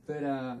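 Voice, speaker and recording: An Australian man giving an earnest, unhurried acceptance speech at an outdoor ceremony, pausing often. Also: mid-range voice, warm tone, recorded from a distance, poor audio. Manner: earnest, unhurried, with frequent pauses. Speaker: award inductee.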